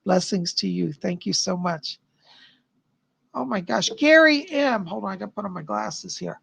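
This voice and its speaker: Man, livestream psychic host, chatty, gravelly fry, husky tone. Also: high-pitched, animated, moderate pace, no echo. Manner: chatty, thanks donors warmly, relays spirit messages. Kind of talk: live-stream chat readings.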